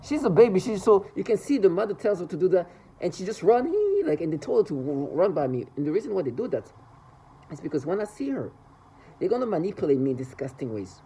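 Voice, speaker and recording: A man's voice: high-pitched, big pitch swings, fast talker, dark tone, slightly rough, rough recording. A man talking to the camera in an agitated personal monologue, rambling with restarts and repetitions. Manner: rambling, restarts and repeats, mimics others' laughter. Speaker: vlogger.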